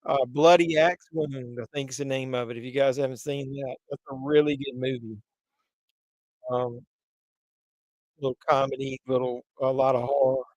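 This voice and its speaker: A man's voice: mid-range voice, little pitch movement, moderate pace, darkish tone, no echo, low-quality recording. A man hosting a casual movie livestream, rambling and chatty with lots of fillers, a bit congested from pollen. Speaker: livestream host.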